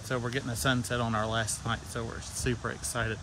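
A man's voice: mid-range voice, little pitch movement, brisk. Chatty Southern man on a windy beach. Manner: chatty, greets viewers by name. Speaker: live-stream host. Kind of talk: casual live-stream chat. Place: outdoors on a beach at sunset. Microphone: phone. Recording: loud wind and outdoor noise. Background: wind and outdoor noise.

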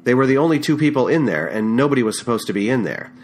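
Man, first-person audiobook narration, middle pitch, measured even reading, small stumbles, home recording, USB condenser mic. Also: slight background noise. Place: home room with minimal treatment.

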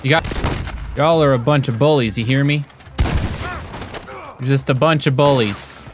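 A man giving comedic gameplay commentary as a YouTuber, goofing around and yelling playful threats at other players. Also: medium pitch, moderate pace, background noise. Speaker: gaming YouTuber.

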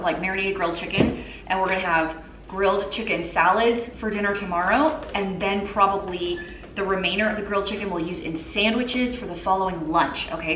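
This is a casual cook-along chat from a cooking vlogger, a mother in her thirties, who stays chatty and upbeat as she addresses viewers from her kitchen. Her mid-range voice has a fairly bright tone, and the echoey room comes with a little hiss or hum.

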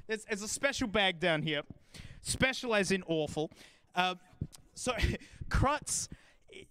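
High-voiced joking Australian man. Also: a bit bright, no echo. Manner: joking, rambling, laughs often. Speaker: livestream host. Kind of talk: casual live-stream chat.

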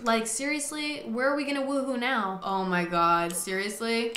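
A woman hosting a gameplay video, chatting excitably, swearing and talking to the characters on screen. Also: mid-range voice, normal speed, few pauses, roomy sound, noisy background. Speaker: gaming host. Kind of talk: casual gameplay commentary.

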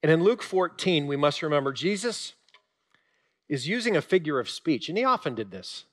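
A male pastor giving a sermon, telling stories with animated emphasis and sudden drops to a quiet voice. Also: a little high, moderate pace.

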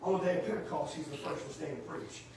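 A man preaching a sermon in a church, rising to shouts and dropping low. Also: fast, creaky, a little hiss or hum. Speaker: pastor. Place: church sanctuary. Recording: echoey church room from far off.

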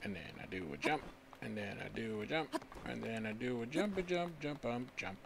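A man's voice: mid-range voice, animated, normal speed, creaky, background noise. A young adult man giving casual let's-play commentary, playful and silly, talking to himself and to his chat. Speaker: game streamer.

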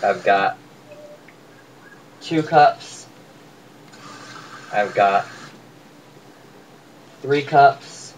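Man cooking at home, chatty, playful asides, mid-pitched voice, a bit away from the mic, faint room noise. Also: expressive, very slow, pauses often, recorded from a distance, poor audio. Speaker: home cook vlogger. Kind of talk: casual cooking demonstration. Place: home kitchen.

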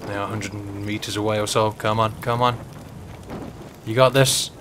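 A man's voice: on the low side, steady tone, normal speed, a bit bright, a little hiss or hum. A man giving casual, joking live-stream commentary while he plays and chats to the game's characters. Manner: joking, chatty, talks to the game characters. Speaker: gaming streamer.

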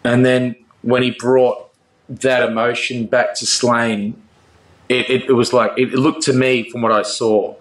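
A man's voice: medium pitch, level tone, a little slow. A man, a rock singer as a guest, chatting casually with many restarts, laughs and curses. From Australia. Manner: laughing, swearing, rambling with restarts. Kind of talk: casual interview chat. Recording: roomy echo.

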